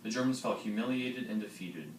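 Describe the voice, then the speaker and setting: A teenage boy reading a school history project in a plain, steady way. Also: on the low side, fairly quick. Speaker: student presenter. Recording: roomy, distant mic, faint noise.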